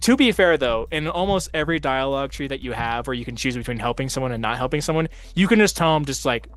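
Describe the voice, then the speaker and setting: A man's voice: medium pitch, expressive, quick pace, hardly any pauses, fairly bright tone, faint music behind. A man hosting a casual gaming chat, telling long rambling stories full of "like" fillers. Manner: rambling storyteller, heavy use of "like". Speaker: host of a tabletop game stream.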